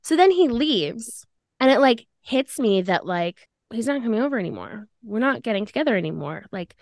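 A woman's voice: a little high, normal speed, no echo, clean studio sound. A young woman hosting a podcast, casually telling a personal story and acting out the dialogue. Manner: animated, acts out dialogue in quotes. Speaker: podcast host.

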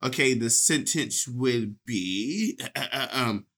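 A man's voice: mid-range voice, animated, a bit bright. A man co-hosting a podcast, easygoing and playful, walking through a word of the week. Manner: easygoing, playful, explains slowly. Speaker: podcast co-host. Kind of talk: casual podcast banter.

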